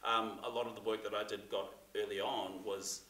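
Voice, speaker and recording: A man's voice: fairly low pitch, little pitch movement, normal speed, bright, forceful tone. A man giving a casual, chatty talk to a class, full of fillers and restarts. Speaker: seminar presenter. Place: theatre room. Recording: echoey room, mic from far off.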